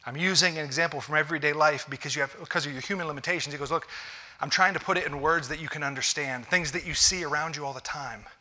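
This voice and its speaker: A man's voice: fairly high pitch, fast talker, pushed and bright. A man, a pastor, preaching a conversational sermon to a congregation, often restarting his phrases.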